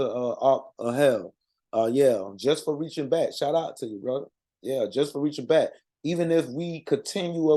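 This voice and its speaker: A man speaking in an unscripted monologue to his community, earnest and halting, with frequent restarts and fillers. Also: on the high side, darkish tone.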